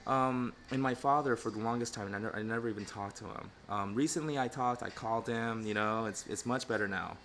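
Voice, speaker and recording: A man's voice: mid-range voice, fairly quick, hardly any pauses, fairly bright tone, slight background noise. A middle-aged man talking candidly and reflectively in a casual livestream, with lots of "you know" fillers. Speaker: pet groomer and channel host.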